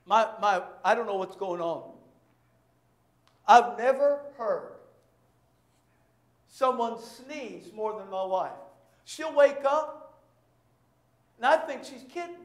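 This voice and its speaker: A male pastor preaching with a very high-pitched voice, caught in a roomy, echoing church. He tells homey stories and breaks into shouted bursts. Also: slow pace, pauses often. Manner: animated storytelling with shouted bursts. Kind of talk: sermon.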